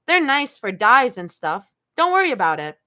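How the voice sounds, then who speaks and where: A woman's voice: a little high, sing-song, normal speed, pushed and bright, pitched above the performer's own voice. A woman reading fan fiction aloud, voicing a weary young woman who keeps the peace, in a tired, soothing tone.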